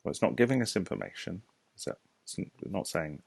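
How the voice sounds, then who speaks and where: A man with a British accent, a primary school teacher giving a recorded lesson to young children, explaining slowly and patiently with questions to the class. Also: deep voice, wildly swooping pitch, no room sound. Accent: British English. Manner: slow, clear, patient explaining with rhetorical questions.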